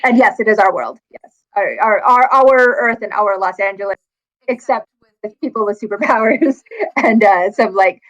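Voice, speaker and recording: A woman author talking casually in an animated, quick way. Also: mid-range voice, poor audio. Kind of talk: casual conversation.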